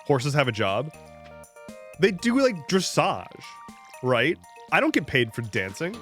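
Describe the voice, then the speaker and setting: Talking slowly in a highish, somewhat bright voice whose pitch swoops wildly, a man live-streams a farming game with faint music behind. He rambles and jokes casually with chat, jumping between tangents, restarting frequently and dropping the occasional swear.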